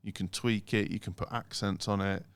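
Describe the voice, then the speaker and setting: A man co-hosting a casual podcast, animated and lively, breaking into mocking imitations of automated phone messages. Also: lowish voice, normal speed, clear, resonant tone. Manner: animated, mimics phone recordings in sing-song voices. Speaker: podcast co-host.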